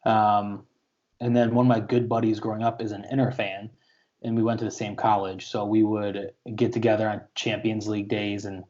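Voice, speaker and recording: A man's voice: fairly low pitch, darkish tone. A man in his twenties telling stories in casual podcast chat, laid-back with lots of filler words. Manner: laid-back storytelling with many likes. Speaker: podcast co-host. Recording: dull lo-fi audio.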